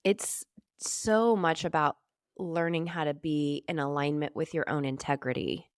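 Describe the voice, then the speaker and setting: A woman's voice: deep voice, a little slow, clear, resonant tone, dry recording, studio quality. A woman hosting an interview podcast, telling a short parable and asking reflective, probing questions. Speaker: podcast host. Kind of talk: conversational interview.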